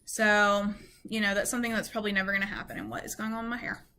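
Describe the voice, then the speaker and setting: A woman's voice: mid-range voice, flat delivery, quick pace, pushed and bright. A woman with a Southern US accent telling a casual storytime to her camera, chatty and full of "like" and "you know.". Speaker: beauty vlogger.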